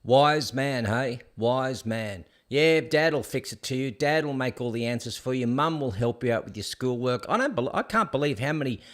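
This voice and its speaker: A man hosting a casual show, chatting and laughing loudly about viral clips. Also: medium pitch, moderate pace, hardly any pauses. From Australia. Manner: chatty, laughing often, loud and lively. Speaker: host.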